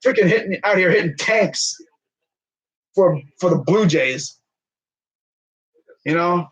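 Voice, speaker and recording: A man's voice: high voice, animated, slow, fairly bright tone, poor audio. A man streaming as a baseball fan, giving rambling, joking, slangy live commentary on a game.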